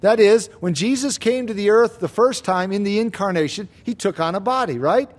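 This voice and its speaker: A man preaching an expository sermon, emphatic and slowing down on key claims, with rhetorical questions to the congregation. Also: high voice. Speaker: pastor.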